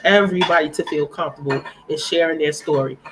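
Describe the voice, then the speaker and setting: A woman's voice: low voice, steady tone, quick pace, noisy background. A woman speaking on a live-stream panel, earnest and heartfelt, repeating phrases for emphasis.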